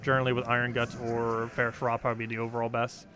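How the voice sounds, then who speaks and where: Fast, bright-voiced young man streaming a game. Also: mid-range voice, monotone, slight background noise. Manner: rambling, explains game strategy with many fillers. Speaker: game streamer answering chat. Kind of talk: casual live-stream commentary.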